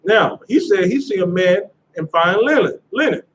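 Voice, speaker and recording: A man's voice: sits high, lively intonation, normal speed, a bit bright, slight background noise, rough recording. A man teaching a scripture class in a casual lecturing manner, often checking "you understand?".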